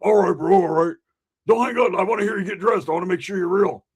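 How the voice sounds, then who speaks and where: A man's voice: high-pitched, quick pace, breathy edge. A man putting on a panicky, paranoid guy on the run.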